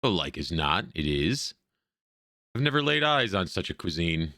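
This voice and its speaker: A man's voice: sits low, very animated, normal speed, pushed and bright, no echo, studio quality, pitched below the performer's own voice, full character voice. A man voicing an elderly, forgetful village woman in a role-playing game, reading her quaint, old-fashioned lines aloud. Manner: quaint archaic phrasing, read aloud.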